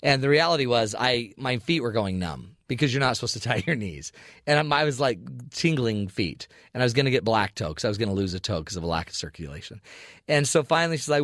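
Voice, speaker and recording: A man's voice: medium pitch, fast, no echo, studio quality. A man hosting a radio show, telling a comic story and acting out the voices in it. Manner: animated, acts out quoted voices. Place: radio studio. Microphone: studio mic.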